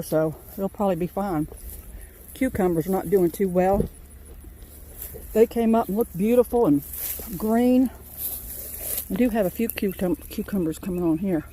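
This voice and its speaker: A woman's voice: mid-range voice, dark tone, a little hiss or hum. A woman from Virginia giving a rambling, homespun tour of her vegetable garden outdoors, filming on a handheld phone. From Virginia, USA. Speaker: farm vlogger.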